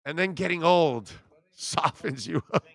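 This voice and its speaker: A man's voice: on the high side, expressive, measured pace, vocal fry, no echo. A middle-aged man hosting a live sports radio show, chatting casually and reacting to comments with self-deprecating, emotional asides.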